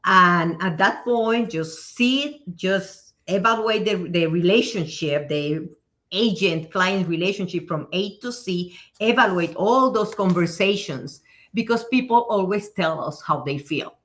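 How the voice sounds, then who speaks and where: A woman, a real estate agent guest in an interview, calmly giving practical advice with everyday examples. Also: fairly low pitch, measured pace. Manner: calm, advising, gives practical examples. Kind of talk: casual interview chat.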